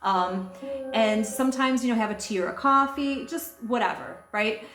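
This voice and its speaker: A woman's voice: fairly high pitch, normal speed, fairly bright tone. A middle-aged woman co-hosting a spiritual talk show, candidly telling an emotional personal story. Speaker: podcast co-host. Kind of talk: casual spiritual chat. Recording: echoey room, music behind.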